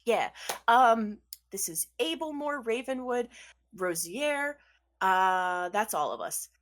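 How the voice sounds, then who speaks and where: Woman playing a tearful overjoyed friend, stammering, a bit high, lively, tabletop game. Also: noisy background. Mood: excited, flustered. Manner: stammering and tearful, talking fast. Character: emotional, overjoyed woman reunited with an old friend.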